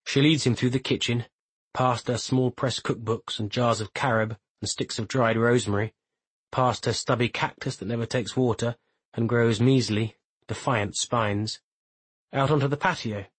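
A man reading a literary novel aloud as its narrator, measured and even. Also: medium pitch, slightly rough, no room sound, low-quality recording. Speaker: audiobook narrator. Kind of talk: scripted narration.

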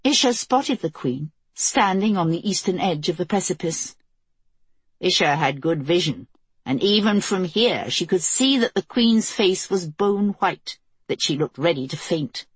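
A woman reading a novel aloud as an audiobook narrator, in measured, even storytelling. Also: on the low side, husky, dry recording. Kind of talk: scripted narration.

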